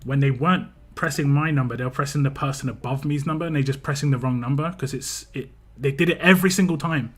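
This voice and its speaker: A man's voice: medium pitch, quick pace, hardly any pauses, husky. Laid-back English man chatting on stream. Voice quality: big, laid-back presence. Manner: rambling storytelling, frequent restarts and chuckles. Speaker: game livestreamer. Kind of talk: casual stream chat.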